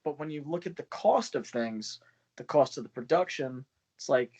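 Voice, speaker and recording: A man's voice: mid-range voice, animated, moderate pace, darkish tone. A man who runs a small press, chatting loosely and swearing on a video call, laughing often. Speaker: small press publisher and poet. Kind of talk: casual video call chat. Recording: dull lo-fi call audio.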